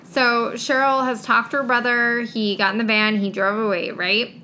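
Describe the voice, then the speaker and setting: A woman's voice: a little high, little pitch movement, moderate pace, sharp tone, a little hiss or hum. A woman co-hosting a casual book chat podcast, sarcastic, reading passages aloud. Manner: sarcastic, reads passages aloud with mock voices. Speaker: podcast co-host.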